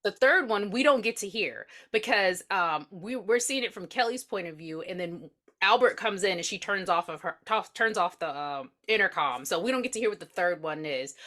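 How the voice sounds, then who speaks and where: A woman's voice: medium pitch, sharp tone. A woman co-hosting a casual movie-review podcast, talking through plot points bluntly and with exasperation, swearing along the way. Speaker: podcast co-host. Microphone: podcast mic.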